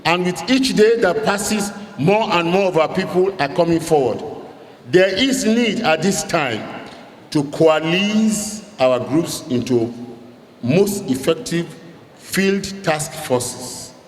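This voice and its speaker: A man's voice: a little high, animated, slow. A man giving a rousing, emphatic rally speech as a campaign director general, calling out to the crowd. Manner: rousing, emphatic oratory with crowd call-outs. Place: large hall at a rally. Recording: echoey hall recording with faint ambience.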